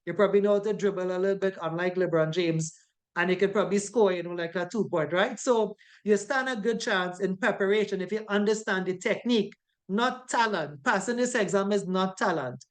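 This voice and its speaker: A woman's voice: medium pitch, a little fast. Talkative woman instructor. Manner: chatty, rhetorical questions, frequent "right?" tags. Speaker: safety course instructor. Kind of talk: informal classroom lecture.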